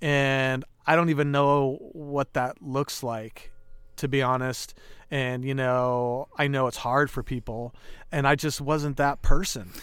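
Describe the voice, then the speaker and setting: A man's voice: medium pitch, level tone, a little slow, a bit bright, clear, resonant tone, no room sound. Podcast guest, male, 30s: candid, emotional storyteller, clean voice, dry studio mic. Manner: earnest, emotional, acts out quoted dialogue.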